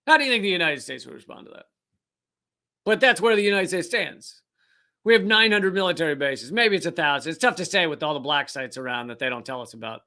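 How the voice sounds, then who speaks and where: A man's voice: sits high, lively intonation, a little fast, bright, forceful tone. A man hosting a political commentary show, ranting with profanity and sarcastic put-on voices. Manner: profane, sarcastic, mocking mimicry. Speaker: host.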